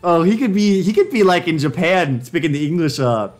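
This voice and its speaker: A young man on a live stream, joking as he reads prompts aloud. His voice sits high and swings widely in pitch. Faint music plays quietly behind him. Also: expressive, fairly quick. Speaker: livestreamer. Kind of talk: casual live-stream commentary.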